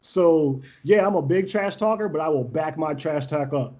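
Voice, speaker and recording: Brash young man guest, a touch high-pitched, animated storyteller who laughs a lot. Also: normal speed, lo-fi sound. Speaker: podcast guest, volleyball coach. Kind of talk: casual storytelling interview.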